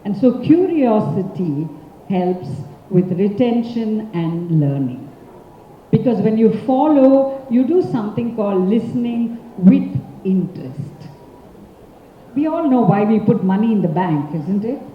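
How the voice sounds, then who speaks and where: Animated storyteller woman with an Indian accent. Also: medium pitch, unhurried, slight background noise. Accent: Indian English. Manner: animated and expressive, prompts the audience for answers. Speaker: professional storyteller, speaker. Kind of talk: interactive oral storytelling talk. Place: large conference hall. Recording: echoey hall from far off, dull sound.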